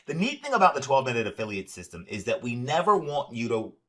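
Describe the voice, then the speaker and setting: A man with a mid-pitched voice gives an upbeat screen-share walkthrough of a software product. He speaks straight to the viewer and keeps stressing how easy each step is, with plenty of "uh" and "right?" fillers along the way. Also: big pitch swings, fast talker. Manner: stresses ease, direct to the viewer. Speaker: presenter demonstrating software.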